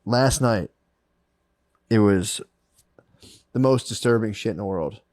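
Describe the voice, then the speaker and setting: A man's voice: on the low side, takes it slowly, a little mellow, dry recording, clean studio sound. A man co-hosting a comedy podcast in casual chat, rambling through long stories and saying "dude" constantly. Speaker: podcast co-host.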